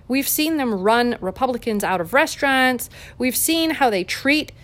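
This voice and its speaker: A woman's voice: a little high, expressive, normal speed. A woman giving a heated political commentary monologue, fiery, combative and sarcastic.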